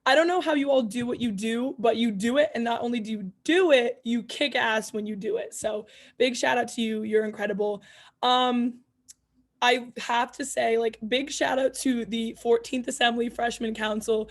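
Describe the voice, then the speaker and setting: Upbeat young woman, flat and higher-pitched. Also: normal speed. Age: young adult. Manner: upbeat, casual, repeats shout-outs. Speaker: student representative. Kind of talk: farewell speech at online meeting. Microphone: video call.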